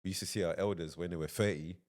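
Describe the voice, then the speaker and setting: Man, thirties, deep voice, rambling, casual podcast guest. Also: steady tone, racing, darkish tone. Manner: rambling, storytelling, many "like" fillers. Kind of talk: casual chat.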